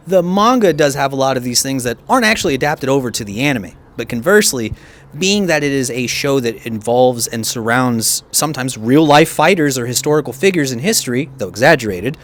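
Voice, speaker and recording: A man talking casually as a co-host, his pitch leaping up and down as he gets excited. He speaks with enthusiasm and tosses in quick asides. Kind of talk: casual anime review chat.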